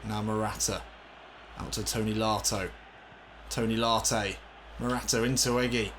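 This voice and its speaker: Excitable man commentating gameplay. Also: fairly low pitch, a little slow, long pauses, a little hiss or hum. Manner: excitable, swears and shouts in frustration. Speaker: gaming commentator. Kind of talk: let's play football game commentary.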